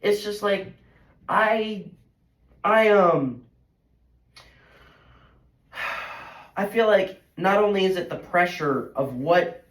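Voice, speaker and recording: A teenage boy and high school golfer venting in a frustrated, self-critical ramble full of restarts. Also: expressive, very slow, pauses often, fairly bright tone. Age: teens. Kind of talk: emotional venting monologue. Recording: roomy echo.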